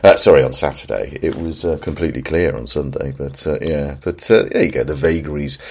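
A middle-aged man, a slightly hoarse radio DJ chatting casually and rambling between records with plenty of ums and uhs. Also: extremely low pitch, a little fast. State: slightly hoarse, frog in the throat.

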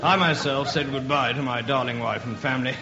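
A man's voice: mid-range voice, brisk, over loud music, pitched below the performer's own voice, close to an everyday voice. A man playing a pompous, rambling retired First World War colonel in a comic radio sketch. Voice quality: posh, plummy. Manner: rambling, self-satisfied. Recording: echoey muffled old radio recording.

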